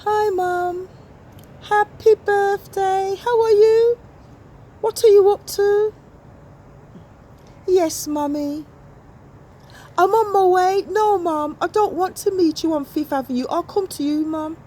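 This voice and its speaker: A woman's voice: very high-pitched, slow, pauses often, dark tone, pitched above the performer's own voice. A woman voicing a sweet teenage girl talking to her mother on the phone.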